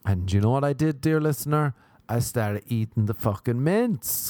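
A man's voice: normal speed, mellow, dry recording. Rambling, profane Irish man. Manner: rambling, profane, self-mocking, with sudden jumps in pitch. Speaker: podcast host. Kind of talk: solo comedic monologue. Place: Los Angeles.

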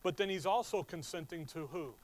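Male Bible teacher, slightly high-pitched, conversational, slows for emphasis. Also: a little hiss or hum, low-quality recording. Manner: conversational teaching, rising to slow emphatic stress. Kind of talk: sermon.

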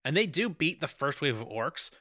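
Wry male podcast co-host, bright tone. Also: fairly high pitch, sing-song, normal speed, no echo. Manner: dry, wry humor, recaps plot. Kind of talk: casual movie-review chat.

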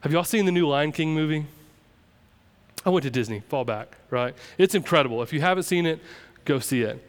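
A man's voice: on the high side, lively intonation, a little fast. A young adult man, preaching a sermon emphatically as pastor. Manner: emphatic, preaching with rising intensity.

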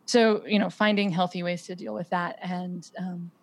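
Steady in tone and fairly low, this woman speaks at a normal speed. She's a parent and podcast guest chatting reflectively, with many restarts and heavy use of "um" and "like."

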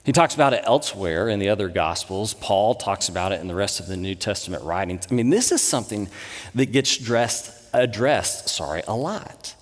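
A man in his thirties, a pastor, giving a sermon with conversational, animated storytelling. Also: fairly low pitch, normal speed. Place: church sanctuary. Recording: long reverb in a church hall.

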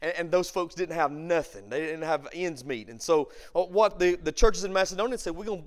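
A man, a pastor teaching a Bible study, who swings from shouted emphasis to quiet storytelling. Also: a little high, brisk. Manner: preacher who shouts for emphasis, then tells stories softly.

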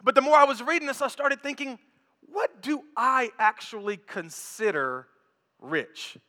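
A man preaching a sermon in an animated, joking, repetitive way, in a church. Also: very high voice, measured pace. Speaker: pastor. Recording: echoey church hall.

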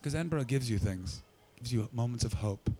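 A man doing a stand-up comedy set and chatting with the crowd, hoarse from losing his voice, loud and sweary, with sudden leaps into a shrieking high register. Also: animated, fairly quick, slight background noise.

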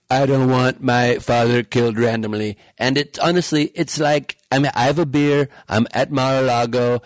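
A man's voice: medium pitch, no room sound, natural voice. A man doing a mocking impression of a blustering male politician who rambles and repeats himself in a self-satisfied way.

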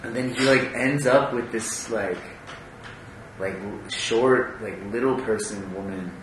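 A man in casual chat, talking haltingly and searching for words. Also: lowish voice. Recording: echoey room with faint background noise.

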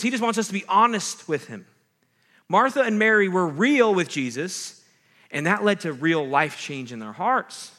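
Bright-voiced man preaching a conversational sermon. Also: sits high. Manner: conversational preaching, often asking "right?" to the listeners. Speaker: campus ministry pastor.

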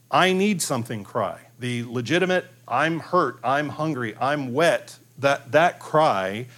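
A man's voice: a little high, a bit bright. A man preaching a conversational sermon on raising children, often restarting his sentences and acting out the cries of children. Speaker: pastor.

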